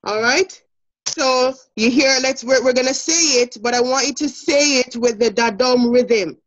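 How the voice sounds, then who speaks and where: A Jamaican woman teaching a class over a video call, encouraging and instructive, pausing on fillers. Her voice sits a little high, and the call audio is muffled.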